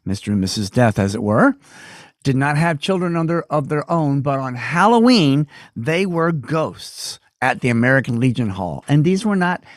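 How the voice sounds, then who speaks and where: A man's voice: mid-range voice, sing-song, normal speed, no echo, clean studio sound. Folksy man telling a story over video call. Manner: folksy, digressive, playful asides. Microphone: webcam mic on a video call.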